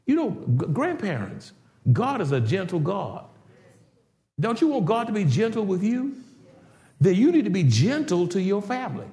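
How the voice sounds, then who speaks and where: Older preacher man, high voice, roomy echo. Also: big pitch swings, normal speed. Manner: preaching with rising shouts and sudden quiet passages. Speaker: pastor. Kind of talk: sermon. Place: church sanctuary.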